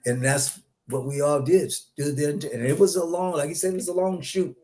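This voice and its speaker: A man's voice: on the high side, steady tone, normal speed, warm tone. A man recalling film crew work in casual chat, leaning on "you know" and repeating himself. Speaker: film crew member guest.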